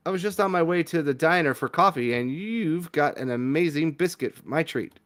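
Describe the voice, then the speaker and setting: A man's voice: fairly high pitch, lively intonation, normal speed, a bit bright, voice pushed up. A man voicing a wry, frank young woman from a small town, talking in a confiding way. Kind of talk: reading a visual novel aloud with voices.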